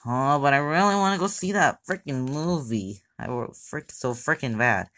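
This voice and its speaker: A woman voicing a bratty young logo character in a whiny tantrum, shouting rudely in an amateur skit. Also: very deep voice, moderate pace, a little hiss or hum. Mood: sulky.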